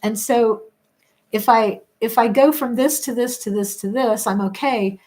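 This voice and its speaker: A woman hosting a casual chat, reading viewer comments aloud and musing with frequent restarts and soft laughs. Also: a little high, steady tone, unhurried. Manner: rambling, restarts often, laughs between thoughts.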